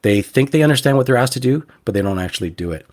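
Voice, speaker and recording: A man's voice: mid-range voice, animated, fast talker, darkish tone. A man, a guest teacher on a podcast interview, earnestly giving advice and often repeating words as he restarts.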